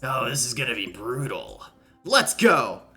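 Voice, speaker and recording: Brief: man playing a shouty, bright-toned young rival racer, quick to anger. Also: medium pitch, big pitch swings, soft background music, full character voice. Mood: aggressive. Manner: loud, aggressive, shouting. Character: hot-headed young male rival racer. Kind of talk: reading game dialogue aloud.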